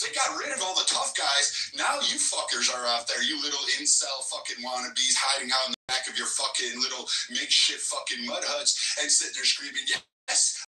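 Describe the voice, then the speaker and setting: A man's voice: mid-range voice, sharp tone. A man hosting a livestream, delivering a furious, taunting, profane rant at callers. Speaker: livestream host. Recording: roomy echo from far off the mic.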